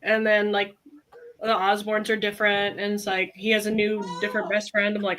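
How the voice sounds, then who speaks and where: A woman co-hosting a podcast over a remote call, chatting casually in an animated way with quick asides. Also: mid-range voice, a little hiss or hum, rough recording. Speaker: podcast co-host. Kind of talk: casual chat.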